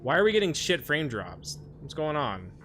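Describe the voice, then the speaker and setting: A man streaming a video game, chatting casually with his viewers and now and then yelling at the game. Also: on the high side, very animated, moderate pace, faint music behind. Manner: yells at the game in frustration, then chats with viewers. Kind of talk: casual gaming stream chat.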